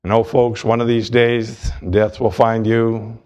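A man's voice: mid-range voice, little pitch movement, measured pace, a little mellow. A man preaching a sermon, earnest and storytelling, driving points home through repetition.

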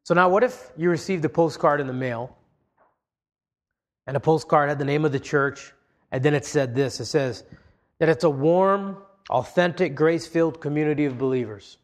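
Man, slightly high voice, earnest sermon delivery, measured pauses. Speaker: pastor.

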